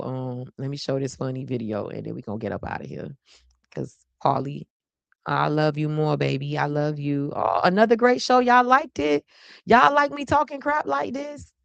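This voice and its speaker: A chatty, playful woman hosts a live stream, speaking to her viewers in a low voice and saying y'all at every turn. The sound is dry and close. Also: normal speed, vocal fry, dry recording. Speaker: host of a live stream show. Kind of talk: casual live stream chat.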